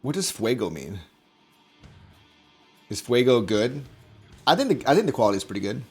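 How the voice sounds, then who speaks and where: A man's voice: medium pitch, big pitch swings, moderate pace, darkish tone, slightly rough, faint music behind. A man streaming a video game, chatting casually with viewers in a rambling, jokey way and chuckling at his own jokes into a desk microphone. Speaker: gaming streamer.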